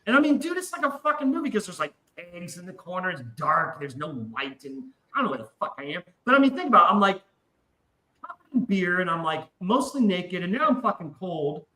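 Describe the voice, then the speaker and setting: Animated, profane man telling a story. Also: high-pitched, a little fast, roomy sound, poor audio. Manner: animated, profane, acts out voices in his story. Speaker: podcast guest. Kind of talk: casual storytelling.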